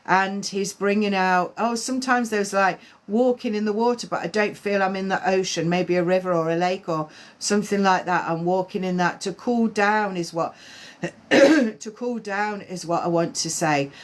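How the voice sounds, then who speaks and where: A woman medium giving live-stream spiritual readings, talking in a halting way with many fillers and restarts. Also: mid-range voice.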